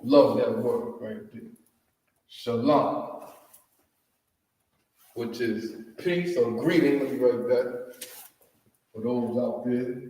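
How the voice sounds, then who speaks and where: A man with a Southern US accent and a mid-range, mellow voice teaches a language lesson at a whiteboard, drawling slowly. He repeats words and keeps asking "you know what I mean?" He's recorded from far off in a large, echoey room.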